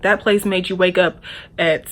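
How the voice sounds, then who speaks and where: A woman's voice: on the low side, fairly even intonation, moderate pace. Profane young woman telling a storytime. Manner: candid, profane, talks straight to viewers. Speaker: vlogger. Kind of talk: storytime vlog.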